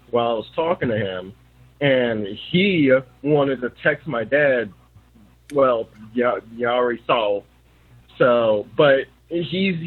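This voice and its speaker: A young man speaking hesitantly in class, stumbling through fillers and apologies. His voice is husky, at a middling pitch, and the recording sounds dull and lo-fi. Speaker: student. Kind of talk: classroom talk.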